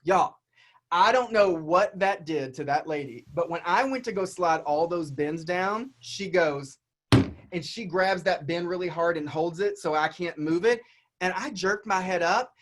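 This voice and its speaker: A man's voice: sits high, a little slow. A man from the American South giving a keynote over a video call, telling a story to his audience and calling them y'all. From Southern United States. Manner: animated, chatty, addresses audience as y'all. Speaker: keynote speaker.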